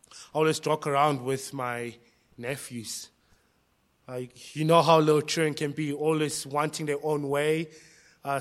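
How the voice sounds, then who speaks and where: A male pastor preaching a sermon, impassioned, swinging between hushed lines and loud cries. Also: on the high side.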